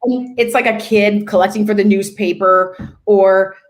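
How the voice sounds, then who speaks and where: In a medium-pitched voice at a measured pace, a woman describes a funny incident from her real estate career during a podcast. The storytelling is casual and animated, with her acting out each person.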